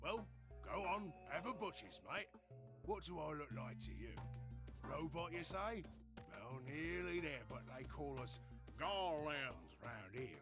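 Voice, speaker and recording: An actor voicing a gruff working-class male robot golem with a Cockney accent, slangy and grumbling. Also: on the high side, very animated, unhurried, loud music behind the voice. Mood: grumbling jovial.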